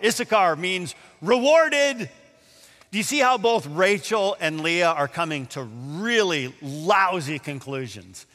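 A man preaching a sermon, reading scripture aloud and explaining it with animated emphasis. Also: sits high, slow. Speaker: pastor. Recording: long hall reverb.

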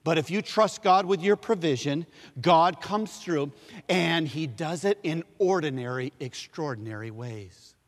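A man with a somewhat high voice preaches to a congregation, repeating key phrases and asking them to say lines back. He pushes up for emphasis and then falls to near-hushed tones. His voice rings out with the long reverb of a big sanctuary. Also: measured pace. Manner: call-and-response, repeats key phrases, swings from loud to hushed. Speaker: pastor. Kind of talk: sermon.

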